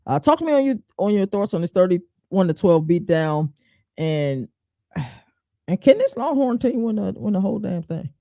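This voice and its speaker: A male co-host on a sports talk livestream, easygoing and quick to laugh. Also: high voice, very animated, mellow, no room sound, clean studio sound. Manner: easygoing, laughs often, agreeable.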